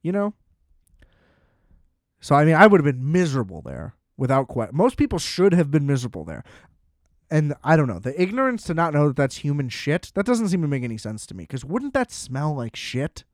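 A man's voice: fairly high pitch, wildly swooping pitch, a little fast, no room sound, studio quality. A young man hosting a solo podcast, ranting in a casual, profane, exasperated way and leaning on filler words. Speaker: podcast host.

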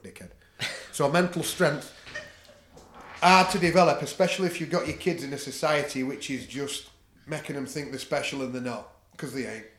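A podcast guest who does jiu-jitsu, this middle-aged man from the North of England has a fairly high, somewhat bright voice. His casual chat is blunt and full of swearing, and he laughs at his own stories; the room sounds echoey.

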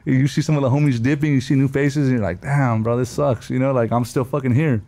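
A man in his thirties tells stories in a loose, slangy way, swearing constantly and breaking into laughs. His voice sits at an ordinary middle pitch. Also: steady tone, fast talker, warm tone. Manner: slangy, profane, storytelling with laughs. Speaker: guest telling war stories. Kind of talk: casual podcast chat.

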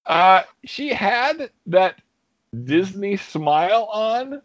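A man's voice: high-pitched, lively intonation, extremely slow, no room sound. Young guy telling a story, lots of lilt, laughs often, dry and a bit dull on mic. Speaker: guest storyteller. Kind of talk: casual anecdote.

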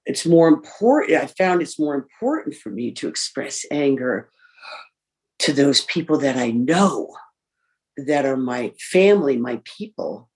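A woman giving a candid personal share in a recovery group, reflective and pausing often with fillers. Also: a bass voice, a little mellow. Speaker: speaker sharing in a recovery group. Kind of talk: personal recovery share, reading list points.

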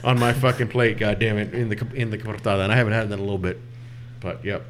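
A man co-hosting a casual podcast, joking around in a relaxed, profane way. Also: fairly low pitch, quick pace, slight background noise. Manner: laid-back, profane, joking. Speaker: podcast co-host.

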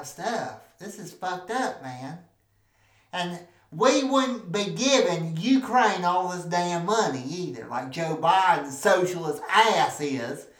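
A man's voice: sits high, fairly bright tone, roomy sound, exaggerated voice. A man playing a crude, rambling small-church preacher who swears constantly in a comedy monologue. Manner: profane, rambling, ranting.

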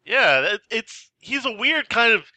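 Bright, lively man swearing casually. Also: very high-pitched, a little slow, dry recording. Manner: blunt, profane. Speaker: podcast co-host. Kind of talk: casual movie discussion.

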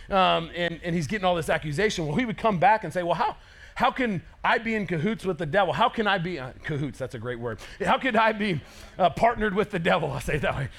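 A man in his thirties preaching a sermon as pastor, energetic and conversational, acting out quotes. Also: high voice.

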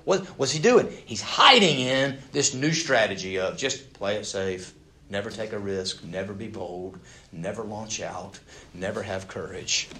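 A man preaching a sermon in a conversational way, swinging from loud, pressing emphasis to hushed, near-whispered asides. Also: lowish voice, unhurried. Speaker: pastor.

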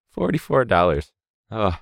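A man hosts a casual podcast and rants with sarcasm, laughing and swearing mid-thought. His pitch swings widely from low mutters to high outbursts. The recording is dry and close-miked with no room sound. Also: huge pitch swings, takes it slowly, gravelly, no room sound. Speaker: teacher and podcast host.

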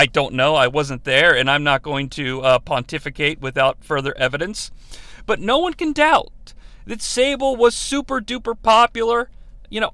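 A man's voice: fairly high pitch, vocal fry, pushed and bright, no echo. A man hosting a podcast, rambling and joking through casual wrestling commentary with plenty of swearing. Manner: rambling, profane and jokey, slipping into bits. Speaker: podcast host.

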